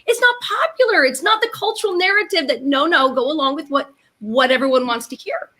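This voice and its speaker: A woman co-hosting a faith talk show, speaking in an animated, emphatic way. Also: high voice, a little fast. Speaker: co-host.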